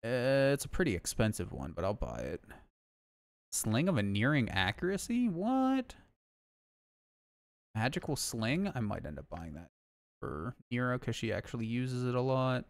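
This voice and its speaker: Young guy streaming a game from home, chill and sweary, average pitch, dead dry audio. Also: normal speed, creaky, no room sound. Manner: relaxed, swears freely, frequent fillers. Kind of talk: casual gameplay chat.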